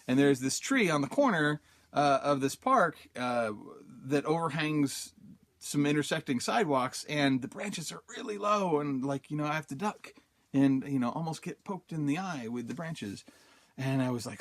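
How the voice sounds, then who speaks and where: This podcast host from Utah, USA, has a fairly high, expressive male voice and a moderate pace. On his self-help podcast he tells a personal story casually, packing in fillers and voicing his own thoughts as quotes.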